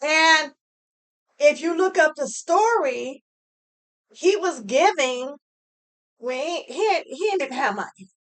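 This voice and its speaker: A woman's voice: high-pitched, lively intonation, takes it slowly, long pauses, fairly bright tone. A woman giving a heartfelt motivational talk to camera, earnest and preachy, repeating phrases for emphasis. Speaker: motivational speaker.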